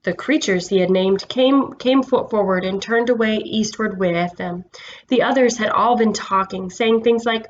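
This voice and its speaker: A woman reading a children's storybook aloud, gentle and with small stumbles. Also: medium pitch, normal speed, dull audio, a little hiss or hum.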